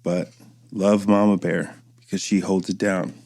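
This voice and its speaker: A man's voice: low voice, flat delivery, unhurried, a little mellow, dry recording. A man in his thirties hosting a podcast, telling loose, profane stories and acting out quotes in a casual monologue. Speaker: podcast host.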